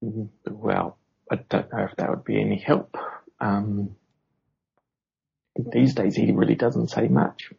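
A man's voice: fairly low pitch, fairly even intonation, slow, vocal fry, warm tone, slightly rough, full character voice. A man voicing a polite, hesitant male asylum attendant answering a phone call, in lo-fi online call audio.

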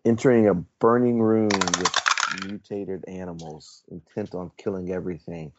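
A man's voice: sits low, fairly even intonation, moderate pace, very noisy. A man playing a tabletop game, casual and wry, rambling with fillers. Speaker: player. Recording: dull lo-fi recording.

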